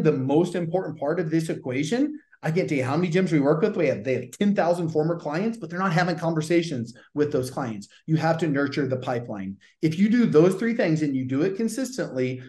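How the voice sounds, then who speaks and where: A man with a Southern accent coaching gym owners in a punchy, pushy style. His voice sits a little high and bounces around an echoey room. He swears casually and drives every point home. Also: warm tone. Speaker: gym business coach and podcast host. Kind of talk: energetic coaching talk.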